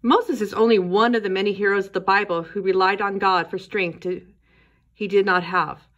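A woman teaching a Sunday school lesson, telling a Bible story to children in a gentle storytelling way. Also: mid-range voice, steady tone, moderate pace, lo-fi sound.

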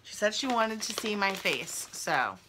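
A woman's voice: medium pitch, sing-song, unhurried, noisy background. A young adult woman chatting casually at home as she opens fan mail, gushing and thinking aloud. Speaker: vlogger opening fan mail. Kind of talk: casual chat. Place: indoors at home.

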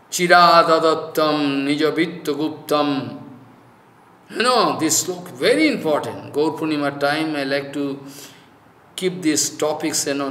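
A man preaches a devotional talk in a high, bright voice. He speaks loose, informal English, scattering "you know" through his sentences and repeating his key points for emphasis. The room around him rings with echo. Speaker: spiritual teacher. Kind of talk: devotional scripture discourse.

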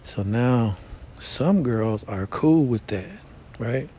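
A man's voice: expressive, takes it slowly, warm tone. A man talking casually in a rambling, slangy way, full of fillers and restarts. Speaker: podcast host. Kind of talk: casual monologue. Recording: dull lo-fi sound with faint rumble.

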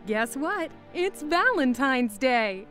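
A woman's voice: high-pitched, big pitch swings, takes it slowly, over music, heavily acted. A woman voicing an upbeat announcer in a spoof commercial, selling a service. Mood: salesy. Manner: salesy, upbeat. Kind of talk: mock commercial voice-over.

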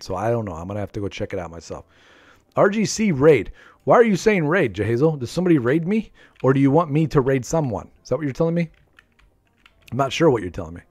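Speaking into a desk microphone at home, a man in his thirties gives playful live commentary while streaming a game. His voice is on the low side and slightly mellow, and he chats freely, laughing and often repeating things.

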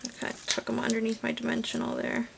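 Woman, craft tutorial voice-over, a bit high, gravelly fry, chatty and relaxed, faint background hiss. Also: fast talker. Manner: relaxed, chatty, thinking aloud while working. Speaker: card-making crafter.

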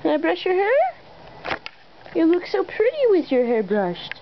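Lady cooing at her puppy, slow and bouncy, kinda muffled home video. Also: very high-pitched, wildly swooping pitch. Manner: coaxing, sing-song talk to a pet. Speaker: pet owner. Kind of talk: talking to her dog while grooming. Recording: dull home video with faint noise.

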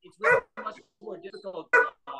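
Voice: extremely high pitch, huge pitch swings, fast talker, vocal fry. A medical professional on a panel gives an unscripted answer in a hesitant way, full of fillers and restarts. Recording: loud background noise with dog barking.

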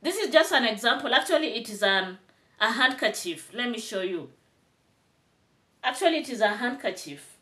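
A woman's voice: on the high side, very animated, moderate pace, long pauses, pushed and bright. A young Kenyan woman with a Kenyan accent, giving chatty commentary in a vlog that grows into indignant scolding. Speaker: vlogger.

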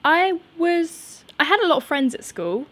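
A woman's voice: extremely high pitch, very animated, a little slow, fairly bright tone. A young woman in her twenties, a vlogger chatting casually and nervously in her garden, laughing often. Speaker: YouTuber answering viewer questions. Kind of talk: casual unscripted chat.

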